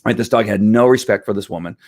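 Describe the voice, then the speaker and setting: A man who trains dogs, answering viewer questions in a rambling, animated way. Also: fairly low pitch, fast talker, dry recording, studio quality. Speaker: dog trainer. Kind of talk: casual Q&A talk.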